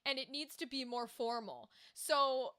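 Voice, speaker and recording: A woman's voice: high voice, measured pace, pushed and bright, smooth. A woman streaming as a voice actor, chatting casually and candidly, swearing freely with lots of asides. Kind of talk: casual livestream chat.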